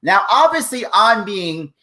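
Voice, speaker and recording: Brief: male host, sarcastic live commentary, lively and expressive intonation. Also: high voice, measured pace. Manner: sarcastic, mocking. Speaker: show host. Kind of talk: live commentary on a news clip.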